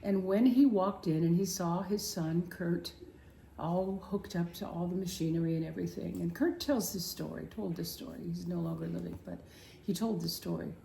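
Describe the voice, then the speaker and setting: A woman co-hosting a Christian talk show, telling a story slowly and tenderly, sometimes dropping to a near whisper. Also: on the low side, creaky, dark tone. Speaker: Christian TV co-host. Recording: roomy echo with faint background hum.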